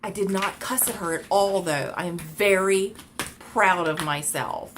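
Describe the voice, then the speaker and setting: A woman vlogger telling a story in a casual rant, animated and exasperated, laughing and repeating herself. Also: lowish voice, unhurried, a little hiss or hum.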